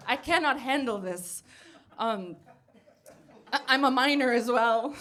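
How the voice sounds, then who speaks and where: A woman's voice: fairly high pitch, unhurried, crowd noise. A woman doing a stand-up comedy set, brash and sarcastic, swearing freely. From United States. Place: basement comedy club before a live audience.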